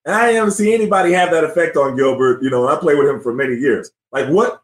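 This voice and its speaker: A man's voice: on the high side, fast talker. A man in his forties hosting a casual sports interview. He tells old stories with a lot of energy and keeps asking "you know what I mean?". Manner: animated storytelling, often says "you know what I mean". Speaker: podcast host, former NBA player. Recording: roomy echo.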